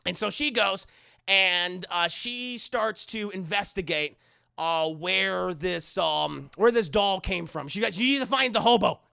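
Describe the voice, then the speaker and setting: A man's voice: high-pitched, unhurried, creaky, pushed and bright, clear, resonant tone, no room sound, studio quality. A man casually recapping a film on a live stream, rambling and swearing, talking to his chat. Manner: rambling, profane, addresses chat.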